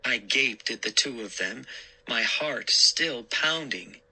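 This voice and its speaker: Slow, bright-voiced male storyteller. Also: mid-range voice, expressive, husky, rough recording. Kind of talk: scripted story narration.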